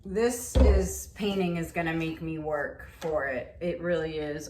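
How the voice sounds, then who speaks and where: An acrylic pour painting vlogger talks casually to herself and her viewers as she paints, chatty and often frustrated, trailing off mid-thought. Her low-pitched, slightly mellow voice moves a little slowly with fairly even intonation and hardly any pauses. The recording has a roomy echo and faint ambient noise.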